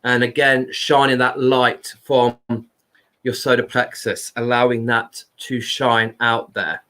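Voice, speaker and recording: A man hosting a live stream, talking casually and loudly to his viewers. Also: medium pitch, level tone. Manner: unhurried, chatty, talks to viewers by name; loud speaking voice.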